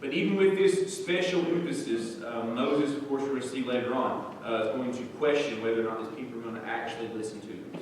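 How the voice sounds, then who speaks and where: A man's voice: fairly high pitch, a little hiss or hum. Male Bible teacher, mid-range voice, casual questioning delivery, recorded from a distance in a very echoey sanctuary. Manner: conversational, asks the congregation questions, frequent "um" and "okay?". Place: church. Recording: echoey church hall, mic far off.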